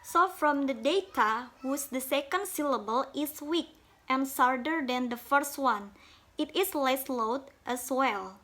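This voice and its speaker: A woman's voice: high voice, a bit bright. A woman giving a carefully read presentation on syllables, speaking in English that is not her first language. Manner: slow, careful, reads from notes, non-native English grammar. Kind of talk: reading a phonology presentation.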